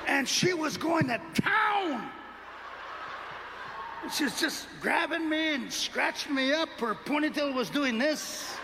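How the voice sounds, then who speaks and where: Very high-voiced man telling stand-up stories. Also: slow pace, gravelly, long reverb tail, noisy background. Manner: animated, acts out scenes with shouts and sound effects. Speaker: stand-up comedian. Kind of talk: stand-up comedy storytelling.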